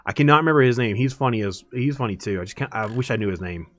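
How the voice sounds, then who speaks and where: A man's voice: mid-range voice, animated, very fast, fairly bright tone, dry recording. Chatty man streaming, dry sound. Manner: rambling, chatty, laughs often. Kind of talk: casual chat while gaming.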